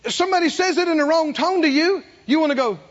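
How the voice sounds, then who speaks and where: A man preaching a sermon with energy. He throws questions to the congregation and acts out the quoted voices with big swings in loudness. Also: very high voice, quick pace, dull audio. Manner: animated preaching with call-and-response questions to the congregation. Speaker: pastor.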